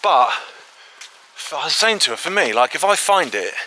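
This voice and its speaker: A man hosting a walking exploration video outdoors, chatting excitedly to a handheld camera with frequent filler asides. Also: on the high side, moderate pace, a little hiss or hum. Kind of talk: casual walk-and-talk to camera. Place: outdoors in fields, woods and an old quarry.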